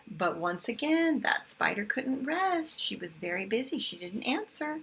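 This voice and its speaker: A woman's voice: on the high side, sing-song, unhurried, hardly any pauses, a bit bright, a little hiss or hum. A woman teaching kindergarten, chatting simply to small children as she retells a picture book with paper puppets. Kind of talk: storybook retelling lesson for young children.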